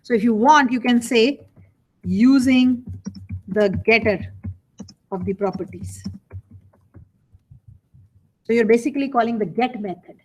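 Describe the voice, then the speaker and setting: A woman teaching programming in a classroom lecture. Her voice sits somewhat high, and her delivery is loose and conversational, with repeated phrases and rhetorical questions aimed at the students. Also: unhurried, pauses often. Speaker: college programming instructor.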